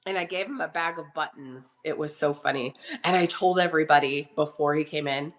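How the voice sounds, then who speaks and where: A woman's voice: deep voice, brisk, few pauses. A woman hosting a live online auction from her home kitchen, chatting casually and greeting viewers by name while getting over a cough. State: recovering from a cough. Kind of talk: casual live-selling chat.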